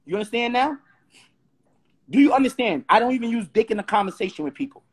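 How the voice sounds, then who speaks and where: A man from Brooklyn, ranting heatedly on a live stream. His voice is husky and sits high for a man, and he talks fast, repeating rhetorical questions again and again. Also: expressive. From Brooklyn, New York. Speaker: host. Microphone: phone or webcam on a live stream.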